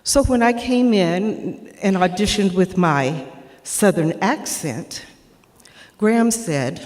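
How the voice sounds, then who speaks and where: A woman's voice: mid-range voice, slow, a little mellow. Heartfelt woman speaking in a reverberant hall. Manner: earnest, heartfelt. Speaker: memorial speaker, former actor and student. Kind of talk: personal tribute speech. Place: performing arts center stage.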